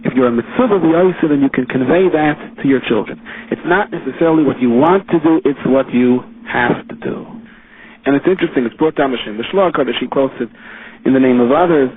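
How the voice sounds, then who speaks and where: A man, a rabbi, giving a Torah lecture in an explanatory way, his pitch rising on his examples. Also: brisk, a crowd in the background. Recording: tinny phone-line recording with faint hiss.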